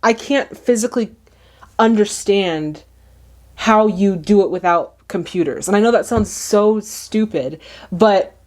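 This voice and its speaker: A woman hosts a casual movie reaction, chatting and exclaiming as she watches. Her voice sits at an ordinary middle pitch, and her delivery is lively and talkative. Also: measured pace.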